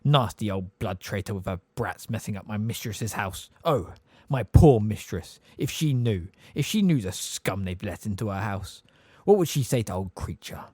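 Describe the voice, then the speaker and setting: A man voicing an old male house elf, hoarse and deep, muttering bitterly under his breath in an audiobook. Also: lively intonation, normal speed, darkish tone, no room sound.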